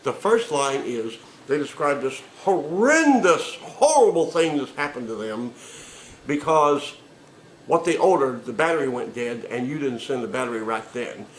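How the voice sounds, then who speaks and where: A man's voice: medium pitch, lively intonation, a little slow, reverberant, slight background noise, poor audio. A man delivering a sarcastic, profane comedic rant with emphatic delivery.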